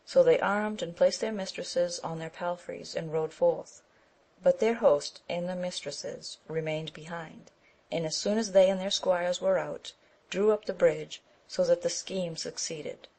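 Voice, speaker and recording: A woman narrating an audiobook of an old romance in a steady, measured reading. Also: fairly low pitch, poor audio. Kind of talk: scripted narration.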